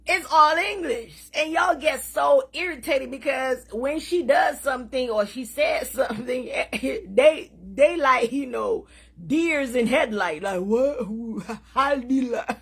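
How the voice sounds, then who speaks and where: A woman chats on a casual live stream. Her voice sits high and lively, and she laughs often as she talks. She drops Creole phrases into her English. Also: slow pace, gravelly, husky. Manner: animated, laughing often, mixing in Haitian Creole. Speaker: social media live host.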